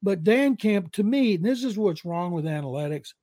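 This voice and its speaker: A man's voice: sits high, lively intonation, moderate pace, dark tone, no echo. A man in his sixties with a Southern accent, a veteran football writer telling rambling anecdotes and giving blunt opinions on a podcast. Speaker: veteran NFL writer, guest. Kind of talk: casual storytelling and football analysis.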